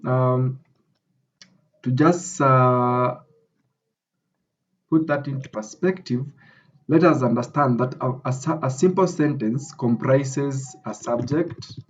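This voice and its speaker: This is a screen-recorded grammar lesson from an academic writing tutor with a Kenyan English accent, who keeps asking "okay?". He speaks in a mid-range voice, and the recording sounds muffled.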